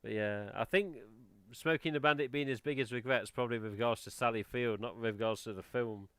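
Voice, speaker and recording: A man's voice: mid-range voice, brisk, a bit bright, clean tone, dry recording. A man hosting a casual livestream, chatting in a rambling, self-interrupting way. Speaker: livestream host. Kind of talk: casual chat.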